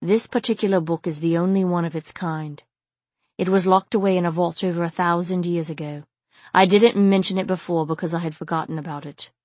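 A woman reading the part of a stern male djinn warrior, speaking quietly and grimly. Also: on the low side, steady tone, a little fast, no room sound, close to an everyday voice. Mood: earnest. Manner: quiet and grim. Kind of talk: audiobook character reading.

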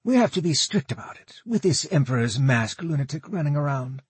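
Audiobook part: smug officious guard woman, high and slow, read by a man. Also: very animated, slightly rough, dry recording, heavily acted. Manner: smug, sing-song.

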